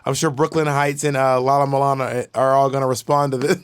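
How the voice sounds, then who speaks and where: A man co-hosting a podcast in casual chat, talking in an animated, campy way with lots of stammered restarts. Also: medium pitch, a little fast, clear, resonant tone. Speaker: podcast co-host.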